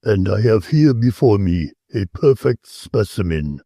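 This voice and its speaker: A man voicing a huge, bold old Dutchman who speaks slowly, with a strong guttural accent. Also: lowish voice, very animated, warm tone, slightly rough, dry recording, studio quality, heavily acted. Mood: leering. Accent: strong guttural foreign accent.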